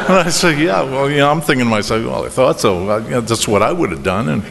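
A middle-aged man with a Boston accent tells a meandering personal story about his drinking at a recovery meeting, halting and restarting with chuckles. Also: medium pitch, expressive, creaky, a bit bright. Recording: reverberant hall with faint noise.

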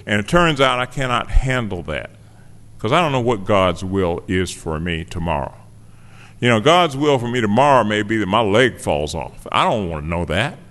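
A man's voice: lowish voice, big pitch swings, normal speed, fairly bright tone. A man sharing his recovery story with an audience, conversational, wry and self-deprecating. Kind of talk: personal testimony to a live audience. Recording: long reverb of a hall.

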